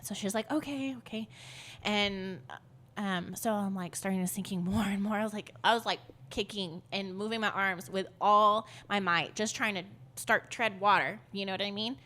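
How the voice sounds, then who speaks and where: A woman's voice: mid-range voice, steady tone, normal speed, bright, forceful tone. A woman guest on a podcast, telling a personal story in a loose, rambling way, full of fillers and laughs. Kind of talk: casual storytelling.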